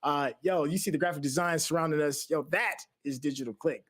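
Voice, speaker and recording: A man hosting a podcast, wrapping up the show with slangy, energetic shout-outs. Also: a little high, a little fast. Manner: hype, slangy, friendly. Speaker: podcast host.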